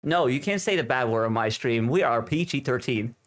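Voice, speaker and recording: Male streamer with a Finnish accent, native Finnish speaker, halting and chatty English, close desk mic. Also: medium pitch, animated. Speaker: livestream host. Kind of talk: casual stream chat. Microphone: desk streaming microphone.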